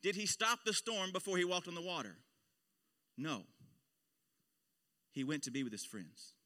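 A man's voice: high voice, big pitch swings, moderate pace, bright, forceful tone, big-room sound. A male pastor preaching a sermon in an impassioned style, his voice swelling on key phrases. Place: church sanctuary.

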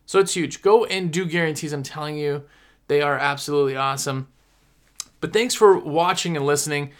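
A man, chatting casually to viewers as a sales rep and pushing his own pitch. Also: a little fast. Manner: chatty, pushy, repeats himself for emphasis. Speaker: window cleaning product sales rep.

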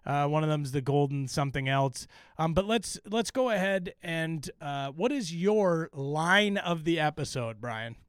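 A man co-hosts a casual podcast recapping a TV show, talking with enthusiasm and plenty of swearing. His voice sits a bit high and comes through smooth and clear. The sound is close and dry, with filler words scattered through his talk. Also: a little slow, no room sound. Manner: enthusiastic, profane, many fillers. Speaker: podcast co-host.

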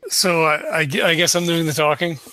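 Bright-voiced male player. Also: a little high, a little fast, no room sound.

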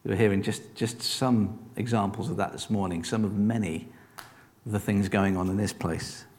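A man with a lowish voice preaches a sermon in an easy, conversational way. He keeps encouraging his listeners and asking rhetorical questions. His voice rings with the long reverb of a church hall. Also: steady tone, normal speed, darkish tone.

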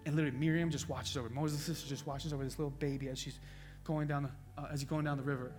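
A man preaching a sermon with passion, moving between hushed, quiet passages and loud, urgent peaks. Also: fairly high pitch, level tone, racing, music in the background. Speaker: pastor.

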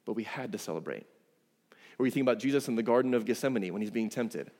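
A man's voice: on the low side, animated, quick pace, a little mellow, in a large hall. A man preaching a sermon as pastor, conversational and emphatic, with casual asides. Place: church sanctuary.

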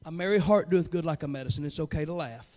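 A pastor preaching a sermon in a church. He drops to quiet, joking asides and then builds to shouted, fervent peaks. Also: on the high side, quick pace.

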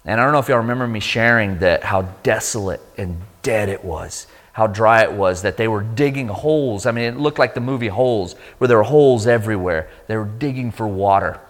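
A man giving a sermon testimony, telling his story with lively energy and acting out the voices of people he met. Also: on the low side, fairly quick, hardly any pauses. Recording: long hall reverb.

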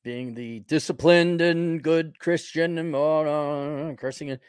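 A man's voice: a little high, steady tone, takes it slowly, clean tone, dry recording, studio quality. A middle-aged man hosting his own podcast, talking in a rambling, sarcastic, opinionated monologue full of restarts and chuckles. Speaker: podcast host.

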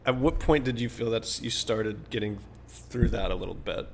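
Low gravelly interviewer. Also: male voice, normal speed, noisy background. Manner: probing, rephrasing questions. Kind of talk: casual interview.

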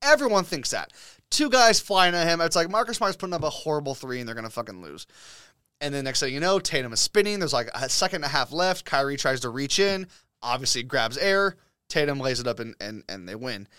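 A man hosting a casual sports podcast, talking in an excitable, opinionated way full of profanity. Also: mid-range voice, brisk, smooth, dry recording, clean studio sound. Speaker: podcast host.

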